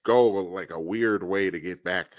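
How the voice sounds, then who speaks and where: A man's voice: deep voice, unhurried, dry recording, clean studio sound. A man, co-hosting a podcast, teasing and laughing along with stories. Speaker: podcast co-host. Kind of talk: casual chat.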